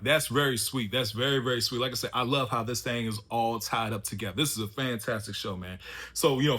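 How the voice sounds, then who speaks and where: A man recaps a TV episode in an easygoing review. His voice sits mid-range with a bright, forward edge. He talks loosely, in slang, and strings his thoughts together with fillers. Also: mid-range voice, slightly rough. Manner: loose and chatty, slangy, many fillers like "you know" and "man". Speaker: TV show reviewer. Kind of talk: casual spoken episode recap.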